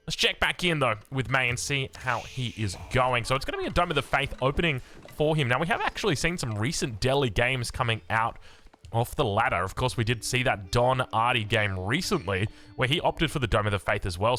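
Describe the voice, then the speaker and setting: An Australian man casting a strategy game in upbeat, chatty commentary, his voice a little raspy from being sick. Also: medium pitch, bright, forceful tone. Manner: upbeat and chatty, with many fillers and restarts. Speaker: game caster.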